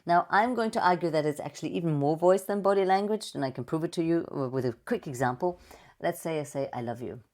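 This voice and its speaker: A woman voice coach giving a playful, expressive presentation with slides and vocal demonstrations. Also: on the low side, quick pace. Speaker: voice and speaking coach.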